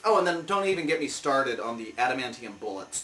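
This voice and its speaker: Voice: medium pitch, animated, normal speed, hardly any pauses, a bit bright, distant mic. A comic review show host rants through a movie review, heated and exasperated. The voice sits back from the mic in a roomy, echoing space.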